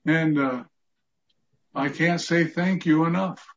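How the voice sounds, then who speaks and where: Speaking slowly in a slightly high voice with fairly even intonation, a fellowship group member in his 80s, aged 85, earnestly shares his gratitude during a group video chat. The call's sound is muffled and low quality.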